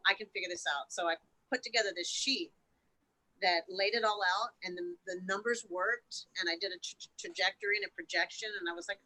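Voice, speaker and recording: A woman's voice: mid-range voice, brisk, bright, forceful tone, poor audio. A woman guest on a podcast telling a painful story in an emotional, unfiltered way, swearing freely and often stumbling and restarting her sentences. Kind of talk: candid storytelling interview.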